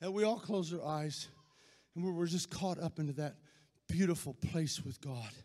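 A man, a pastor giving an impassioned sermon that swells into shouting. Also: fairly high pitch, normal speed, long reverb tail.

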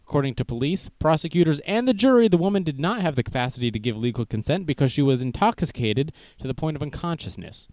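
A man's voice: on the high side, animated, fast, few pauses, a little mellow, no echo. A young man hosting a casual livestream news show, joking and self-deprecating as he goes. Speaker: news stream host.

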